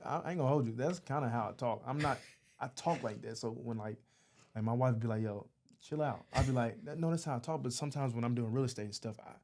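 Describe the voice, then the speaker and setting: A man co-hosting a podcast, speaking in a relaxed, slangy way with soft chuckles. He talks calmly and plainly, faint noise under his voice. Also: medium pitch, quick pace. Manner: laid-back, slangy, chuckling. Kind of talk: casual chat.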